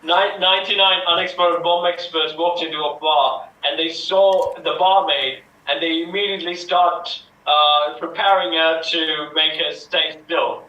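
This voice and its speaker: A man playing in an online improv comedy game, telling jokes in a halting, unhurried way. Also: fairly high pitch, fairly even intonation, pushed and bright, distant mic. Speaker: improv player. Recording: dull echoey mic from afar.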